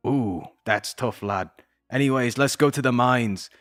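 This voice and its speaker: A man's voice: mid-range voice, measured pace, fairly bright tone, soft background music, natural voice. A man doing a folksy veteran warrior. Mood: reassuring. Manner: folksy burr, calls others lad and laddie. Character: seasoned male warrior guide, calm and confident.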